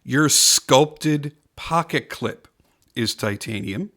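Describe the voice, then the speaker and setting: Male product reviewer, mid-range pitch, casual and emphatic, leans on repetition. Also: very slow, sharp tone. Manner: enthusiastic, emphatic, repeats points for stress. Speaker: knife reviewer.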